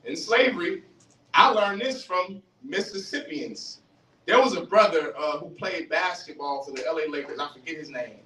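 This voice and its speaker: A man giving a fiery street-style religious lecture, animated, questioning the audience and acting out voices. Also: high-pitched, normal speed. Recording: roomy, distant mic, faint hiss.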